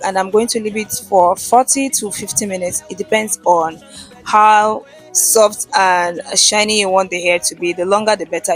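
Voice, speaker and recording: A woman talks through a hair tutorial in a casual voice-over, explaining each step in a chatty, direct way. Faint music plays underneath. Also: medium pitch. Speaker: vlogger.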